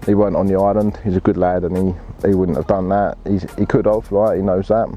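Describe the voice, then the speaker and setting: A man's voice: low-pitched, fairly even intonation, a little fast, warm tone. A man telling a fishing story in blunt, laddish slang and swearing freely. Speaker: angler telling his story. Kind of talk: casual storytelling.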